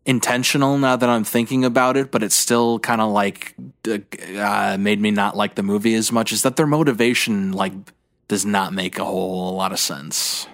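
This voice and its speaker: A man's voice: lowish voice, steady tone, moderate pace, fairly bright tone. A man co-hosting a casual chat, thinking aloud with many hesitations and restarts. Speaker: podcast co-host.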